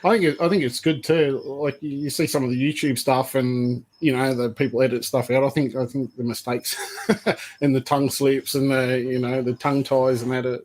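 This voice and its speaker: A man's voice: medium pitch, level tone, a little fast, a little mellow. A man in his fifties with an Australian accent, a podcast guest rambling through long anecdotes. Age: 50s. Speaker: guest, python breeder. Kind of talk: casual podcast chat.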